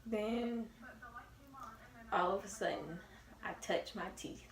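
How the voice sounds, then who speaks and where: A young woman telling a story in a casual, animated and emphatic way. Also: medium pitch, slow pace, far from the mic. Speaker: vlogger. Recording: roomy, away from the mic.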